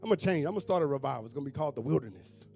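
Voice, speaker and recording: A man's voice: mid-range voice, expressive, rapid-fire, creaky, darkish tone. A male pastor preaching a sermon, calling out to the congregation and breaking into sung, whooping phrases. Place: church sanctuary with congregation. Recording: faint instrument music behind.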